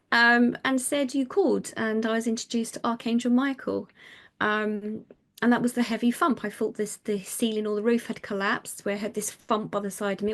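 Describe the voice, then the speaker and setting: A middle-aged woman, a psychic medium telling her life story in an interview, animated and chatty with many fillers. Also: fairly high pitch. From United Kingdom.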